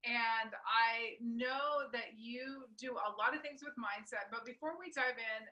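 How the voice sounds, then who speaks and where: A woman hosting an interview podcast, warmly gushing about her guest. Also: a little high, unhurried, lo-fi sound. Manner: gushing, enthusiastic. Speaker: podcast host.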